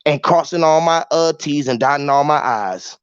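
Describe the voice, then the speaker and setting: Spelling out words one letter at a time, a show host delivers a rambling, profanity-laced wordplay monologue. The voice is a bit high and smooth at normal speed, captured in dull, dry lo-fi with no room sound.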